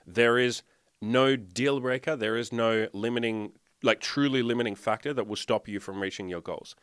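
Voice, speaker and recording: A man's voice: medium pitch, moderate pace, fairly bright tone, clean tone, dry recording, studio quality. A man, working as a dating and life coach, delivering a blunt, swear-filled motivational rant while sharing his screen. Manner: blunt, swearing constantly, fired up. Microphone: desktop mic, sharing screen.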